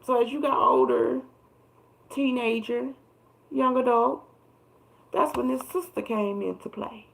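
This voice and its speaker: Gravelly-voiced woman giving a tarot reading. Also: a little high, steady tone, a little slow, long pauses, low-quality recording. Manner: emphatic, profane, repeats phrases for emphasis. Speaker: tarot reader. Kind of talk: casual tarot reading livestream.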